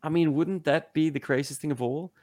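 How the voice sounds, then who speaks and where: A man's voice: on the high side, steady tone, brisk, a little mellow, dry recording, clean studio sound. A man co-hosting a podcast in casual chat, wry and earnest, laughing often. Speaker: podcast co-host.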